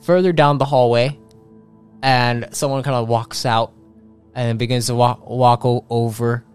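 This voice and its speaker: A man's voice: medium pitch, fairly even intonation, darkish tone, clear, resonant tone, soft background music. A man narrating a tabletop role-playing game as game master, stumbling and restarting his sentences. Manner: halting, many restarts.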